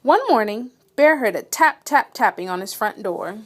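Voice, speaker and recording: A woman reading a children's picture book aloud with expressive, dramatic storytelling. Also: medium pitch, normal speed. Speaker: read-aloud reader.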